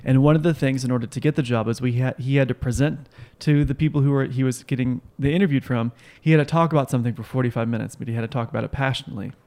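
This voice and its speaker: A young man hosting a podcast, telling stories in a rambling, animated way. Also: mid-range voice, rapid-fire, hardly any pauses. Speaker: podcast host. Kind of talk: casual chat.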